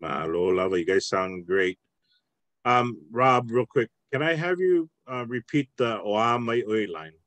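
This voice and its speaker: Bright, dry-voiced male language teacher. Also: lowish voice, lively intonation, measured pace, no echo. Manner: patient, thinks aloud, many restarts. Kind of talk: online language class.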